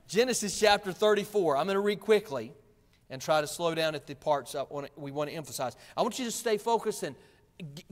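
A man preaching in a church sanctuary, his voice set high for a man. He reads scripture and hammers points home with repetition. A long reverb trails off the hall walls. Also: a bit bright. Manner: preaching with emphatic repetition and Bible reading. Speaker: pastor. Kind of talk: sermon.

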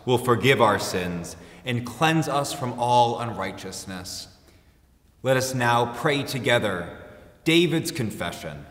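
A man leading a congregation, reading a confession and psalm aloud in a measured, solemn way. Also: mid-range voice, a bit bright. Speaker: worship leader. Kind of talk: liturgical reading. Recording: echoey church hall with faint music.

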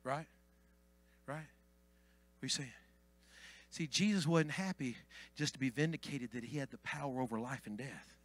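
A man preaching a Pentecostal sermon as pastor, swinging from hushed asides to shouted climaxes. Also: medium pitch, moderate pace, long pauses, no room sound.

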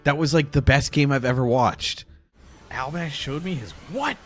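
A young man streaming a card game, giggling and excitedly calling out each play as it happens. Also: fairly high pitch, normal speed, faint music behind. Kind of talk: live gameplay commentary.

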